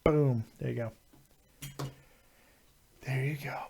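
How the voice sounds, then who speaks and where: A man hosting a live call-in stream, talking casually, joking and swearing loudly. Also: on the high side, expressive, moderate pace. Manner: loud, profane, joking, drifts into mock singing. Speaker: livestream host.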